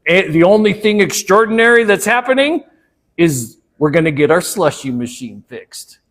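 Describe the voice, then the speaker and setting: A man's voice: high-pitched, sing-song, moderate pace, fairly bright tone, full character voice. A man voicing an ancient, sweaty, greenish convenience store clerk who talks in a drawling, unimpressed way. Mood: world-weary.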